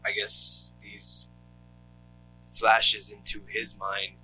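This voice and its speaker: A man with a low voice and a very bright, forward tone walks through a film plot in a relaxed podcast chat. He fills his pauses with ums and uhs, and soft guitar music plays faintly behind him. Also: rough recording. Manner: steady recap, frequent ums and uhs. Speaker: podcast co-host. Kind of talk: casual movie recap chat.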